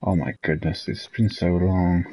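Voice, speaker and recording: A man's voice: sits low, fairly even intonation, unhurried, mellow, husky, low-quality recording. A man, casually commenting while playing a video game live, rambling and swearing and often trailing off mid-thought.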